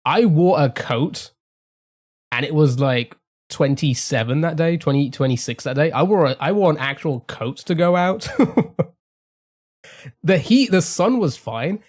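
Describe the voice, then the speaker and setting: A man's voice: a little high, lively intonation, measured pace, pauses often, a little mellow. A man rambling casually to his live-stream chat, swearing freely and restarting his sentences often. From England.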